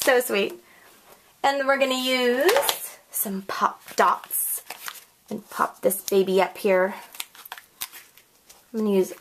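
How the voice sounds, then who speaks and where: A chatty woman crafter talks through a project in a casual, bubbly way, her fairly high voice jumping even higher into excited squeals. She apologizes and corrects herself often. A faint hiss sits under the recording. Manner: self-correcting, apologetic asides. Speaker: crafting video host.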